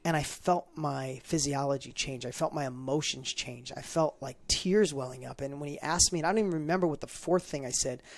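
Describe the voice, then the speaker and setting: A middle-aged man talks fast, in a gravelly voice pitched a little high. He tells an emotional personal story as a show guest and stumbles over repeated words. The sound is dry and close, with no room echo. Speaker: podcast guest, entrepreneur.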